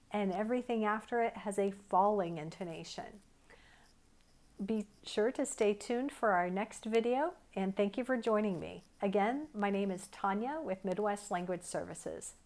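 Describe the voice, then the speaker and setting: A woman teaching English intonation, saying model questions slowly and clearly as examples. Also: mid-range voice, animated, darkish tone. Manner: carefully enunciated model sentences. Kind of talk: slow, clear teaching delivery.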